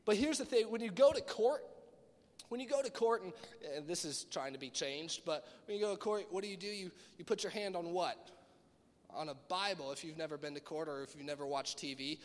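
A man giving a casual youth sermon, animated and chatty, acting out quoted dialogue in playful voices. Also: sits high, brisk. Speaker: youth speaker. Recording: long hall reverb.

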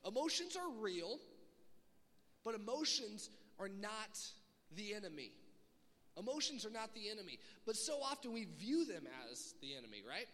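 Young guy preaching, highish bright voice, big echoey hall. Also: normal speed. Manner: animated, acts out quoted voices. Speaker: youth pastor. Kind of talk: sermon. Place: church hall.

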